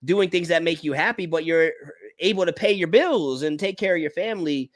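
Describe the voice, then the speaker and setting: An American man hosting a casual talk. He tells animated personal stories, often restarts his words and calls people "bro". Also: on the high side, brisk, dry recording. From United States. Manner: animated storytelling, repeats words, says bro. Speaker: podcast host. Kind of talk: casual conversation.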